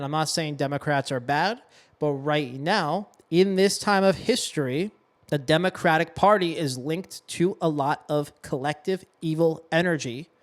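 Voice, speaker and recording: A young adult man from Massachusetts, a podcast host and coach delivering an impassioned, preachy monologue with emphatic stress and blunt swearing. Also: on the high side. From Massachusetts, USA. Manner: preachy, emphatic, with profanity and self-corrections.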